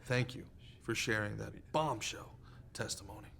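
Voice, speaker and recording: Fawning man in a comedy sketch, gravelly. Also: lowish voice, normal speed, a bit bright, slight background noise. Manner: fawning, overly earnest praise. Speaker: mock committee member.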